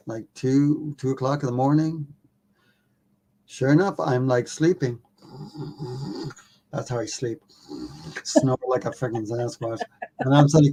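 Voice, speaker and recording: Male podcast guest, mid-pitched, a casual and self-mocking storyteller who swears offhandedly. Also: warm tone. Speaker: podcast guest, documentary filmmaker.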